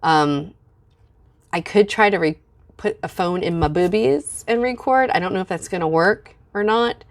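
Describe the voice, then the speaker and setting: A middle-aged woman vlogging in a candid, venting way, with frequent fillers and pauses. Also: lowish voice. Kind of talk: casual vlog.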